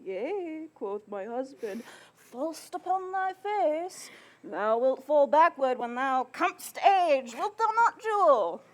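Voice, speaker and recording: A woman's voice: high voice, big pitch swings, slow pace, heavily acted. A woman playing a rambling, laughing old nurse. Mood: chattering. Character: chattering old nurse, bawdy and fond. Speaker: stage actor. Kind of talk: outdoor Shakespeare stage acting.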